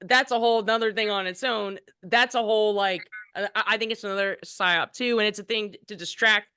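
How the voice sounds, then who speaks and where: A woman guest in a casual chat, talking quickly and with upbeat assurance. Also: medium pitch, steady tone, sharp tone, clean tone, dry recording.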